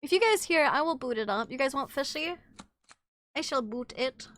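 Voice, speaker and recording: A woman streamer chatting playfully with her viewers and greeting them by name, sick and low on energy. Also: expressive, moderate pace, fairly bright tone. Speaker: VTuber streamer. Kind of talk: casual live-stream chat.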